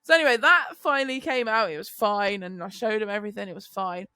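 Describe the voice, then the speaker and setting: A British woman in her thirties co-hosting a casual podcast, telling animated, laughing stories with blunt swearing. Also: mid-range voice, quick pace, smooth, no echo, studio quality. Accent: British English. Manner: animated storyteller, laughs often, swears freely. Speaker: podcast co-host, lorry driver. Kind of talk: casual chat.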